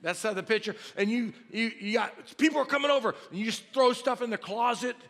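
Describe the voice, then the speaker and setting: A man's voice: very high-pitched, brisk, a bit bright. A man, preaching a sermon and acting out the people in his story. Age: 50s. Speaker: pastor. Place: large church hall. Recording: long hall reverb from a church sanctuary.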